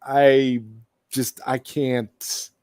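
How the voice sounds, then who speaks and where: Male guest, slow delivery, halting and repetitive, dry sound. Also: mid-range voice, little pitch movement, a little mellow, clean tone, no echo. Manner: halting, repeats words while searching for a point. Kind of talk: casual chat.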